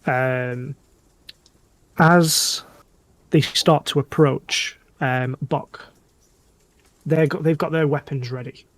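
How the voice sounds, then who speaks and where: A man's voice: on the high side, fairly even intonation, slow pace, pauses often. A man, narrating a tabletop game as dungeon master with many ums and restarts.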